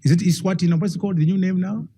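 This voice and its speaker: A man's voice: high voice, steady tone, racing, dark tone, husky. A man, a professor, giving an emphatic public lecture and firing rhetorical questions at his audience.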